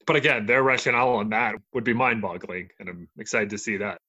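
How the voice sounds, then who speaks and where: A man's voice: fairly low pitch, fairly even intonation, fast talker, highs cut off. A man co-hosting a casual podcast, emphatic and incredulous, laughing often. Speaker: podcast co-host. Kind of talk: casual chat.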